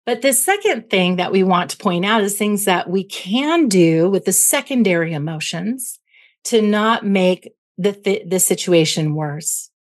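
Woman, psychologist guest, mid-pitched voice, explanatory interview talk, leans on analogies. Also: animated, a little slow. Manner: teaching through analogies, tags points with "right?".

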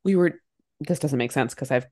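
A woman co-hosting a casual movie podcast chat, animated, laughing often and swearing freely. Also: extremely low pitch, normal speed. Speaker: podcast co-host.

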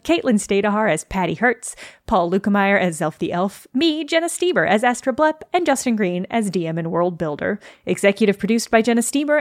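A woman wraps up her podcast in a friendly, informal way. Her voice sits a little high, recorded dry and close. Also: no room sound. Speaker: podcast host. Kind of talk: closing outro.

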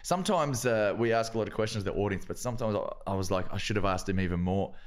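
Laughing, rambling Irish man. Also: fairly low pitch. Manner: rambling, laughing, halting restarts. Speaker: podcast co-host, comedian. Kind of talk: casual chat.

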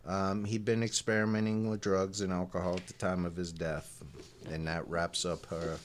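A man's voice: sits low, level tone, moderate pace, slight background noise. A man co-hosting a casual history podcast, telling stories with jokes. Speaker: podcast co-host.

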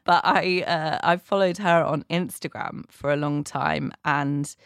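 Podcast host, woman, gravelly low-fi fry, dry close mic, casual rambling recap. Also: fairly even intonation, a little slow, no room sound. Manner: chatty, rambling, warm asides.

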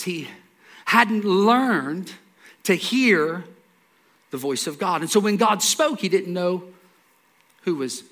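Male pastor, sermon, bright voice, slightly high, animated storytelling, soft low asides. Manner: animated storytelling, acts out dialogue; repeats words, drops to soft low asides.

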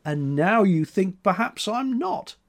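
A gaunt young drifter speaks with dry, self-mocking humor, as a male narrator plays him. His voice moves a lot in pitch but stays unhurried. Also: sing-song, gravelly, full character voice. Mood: wry.

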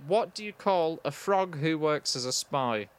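A man hosting a casual comedy chat, delivering cracker jokes in a dry, deadpan way. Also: fairly high pitch, a little slow, smooth.

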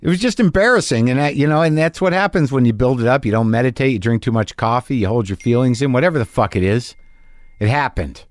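A man's voice: mid-range voice, fast, no room sound. A middle-aged man, a stand-up comic and host, telling a candid, profane story and acting out both sides of an argument.

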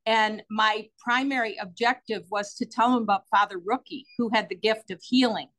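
A middle-aged woman, a guest telling personal stories in an interview, earnest and animated with frequent fillers. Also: mid-range voice, normal speed. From United States.

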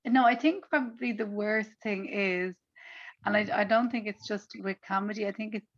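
A woman's voice: mid-range voice, normal speed, dry recording, highs cut off. A woman with an Irish accent, a comedian chatting casually in an interview and acting out the people in her stories. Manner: lively storytelling, acts out the people she quotes. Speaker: comedian guest.

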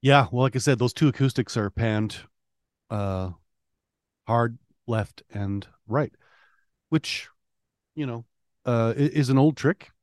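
A man's voice: mid-range voice, a little mellow, no room sound, studio quality. A man co-hosting a music podcast in casual chat, teasing and swearing, often restarting his sentences. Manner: profane, teasing, halting with many restarts. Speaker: podcast co-host.

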